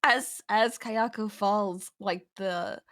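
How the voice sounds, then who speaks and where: A woman's voice: medium pitch, slow pace, a bit bright. A woman player describing her character's actions in a tabletop game.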